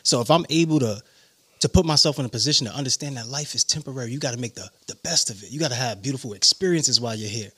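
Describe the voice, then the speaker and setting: A man from New York with a New York accent, a guest telling his life story in an animated way. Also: mid-range voice, racing, husky. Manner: animated storyteller, acts out quotes. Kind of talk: casual interview storytelling.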